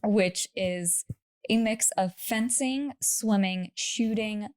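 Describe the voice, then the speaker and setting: A woman's voice: mid-range voice, takes it slowly, darkish tone. A woman co-hosting a podcast, telling a true story in casual chat with laughing asides and lots of "like".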